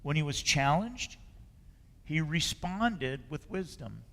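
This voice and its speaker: A man preaching a sermon as a spiritual leader. He talks in an earnest, conversational way and often lets phrases trail off softly. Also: on the high side, animated, takes it slowly, creaky. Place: church sanctuary. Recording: long reverb of a hall.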